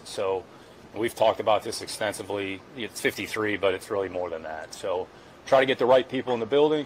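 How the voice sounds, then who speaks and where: A man speaking as a team general manager at a press conference, with measured, guarded answers built on repeated stock phrases. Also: lowish voice, slight background noise, low-quality recording.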